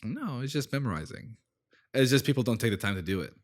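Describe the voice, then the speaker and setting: A man's voice: medium pitch, animated, fast talker. A young man co-hosting a casual podcast chat, easygoing and jokey. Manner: easygoing, jokey, agrees along. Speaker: podcast co-host.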